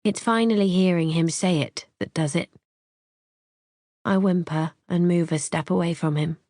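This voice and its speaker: A woman's voice: on the low side, normal speed, darkish tone, no room sound, clean studio sound. A woman reading a first-person thriller in a wry, conversational way. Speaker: audiobook narrator.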